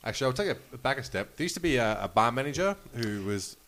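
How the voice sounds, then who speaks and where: A man's voice: mid-range voice, big pitch swings, quick pace, fairly bright tone. Rambling man telling stories. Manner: rambling, swearing, laughs often. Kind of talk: casual storytelling chat.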